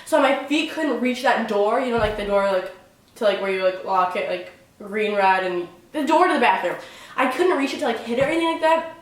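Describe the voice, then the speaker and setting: A young woman telling a story on her vlog in a casual, excitable way, filling almost every phrase with "like". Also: on the high side, a little fast. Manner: chatty, fills every phrase with "like"; excitable, dramatic retelling. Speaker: vlogger. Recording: very echoey room, mic at a distance.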